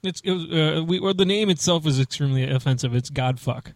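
A man's voice: fairly high pitch, quick pace, no room sound. A man hosting a casual podcast chat, rambling with lots of restarts and fillers. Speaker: podcast host.

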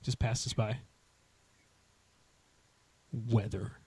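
A man's voice: lowish voice, fairly even intonation, moderate pace, darkish tone, husky, no echo. A man hosting a casual podcast chat, rambling with lots of restarts and fillers. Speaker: podcast host.

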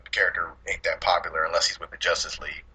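A man's voice: sits low, very fast, slightly rough, rough recording. Profane, laughing man chatting about movies. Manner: profane, laughing, animated storytelling. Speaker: podcast co-host. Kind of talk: casual movie chat.

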